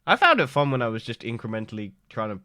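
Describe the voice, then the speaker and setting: A man's voice: mid-range voice, sing-song, fast, pushed and bright, dry recording, clean studio sound. A young man co-hosting a podcast in a casual chat, teasing and laughing often. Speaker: podcast co-host.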